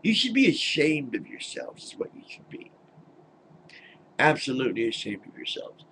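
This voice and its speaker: A man's voice: medium pitch, sing-song, moderate pace, fairly bright tone, slight background noise, poor audio. An older man ranting into his webcam at home, blunt and exasperated, swearing and scoffing in disbelief. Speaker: webcam vlogger. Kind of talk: angry personal rant.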